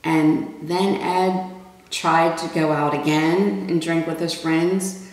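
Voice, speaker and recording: Middle-aged woman, lowish voice, casual storytelling, conversational, heavy room echo, distant mic. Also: slow pace. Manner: conversational, relaxed, plain-spoken. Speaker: family member telling a personal story. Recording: very echoey room, mic far off.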